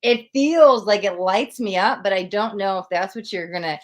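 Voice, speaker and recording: A woman's voice: medium pitch, moderate pace. A young woman hosting a live-stream tarot reading, emotional and gushing as she talks straight to her viewers.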